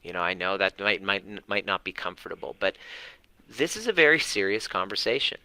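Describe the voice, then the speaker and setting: Earnest low-voiced man coaching parents. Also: animated, brisk, bright, forceful tone, no echo. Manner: earnest, repetitive, mildly profane. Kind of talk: livestream talk to viewers.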